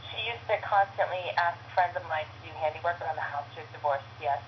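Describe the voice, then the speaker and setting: A woman's voice: low-pitched, fast talker, a little hiss or hum. A woman voice actress chatting as a guest, telling stories animatedly over a speakerphone. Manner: animated storyteller, many fillers. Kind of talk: casual phone chat. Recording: dull speakerphone line.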